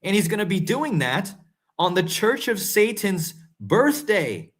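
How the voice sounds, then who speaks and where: A man hosting casual conspiracy commentary, talking straight to his viewers and growing excitable and incredulous. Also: high voice, measured pace. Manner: excitable, rising to incredulous emphasis; talks to viewers directly, often calling them guys and folks. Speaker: host.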